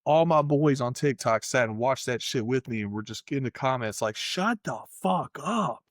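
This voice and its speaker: A man's voice: mid-range voice, brisk, no room sound, studio quality. A man co-hosting a podcast, ranting heatedly in casual chat and swearing constantly. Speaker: podcast co-host.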